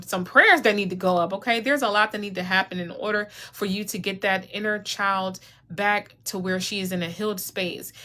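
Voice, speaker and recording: A woman's voice: mid-range voice, bright, forceful tone. A woman coach talking directly to viewers on a live stream, conversational and coaching, calling them y'all. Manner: conversational, drops into quoted mom voices. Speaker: etiquette and self-esteem coach.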